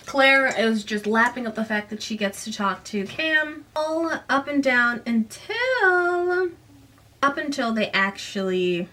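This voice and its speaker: A woman's voice: medium pitch, fairly bright tone, far from the mic. A woman casually recapping a teen novel and reading passages aloud, often correcting herself mid-sentence. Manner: rambling, self-correcting, giggly asides. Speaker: book reviewer.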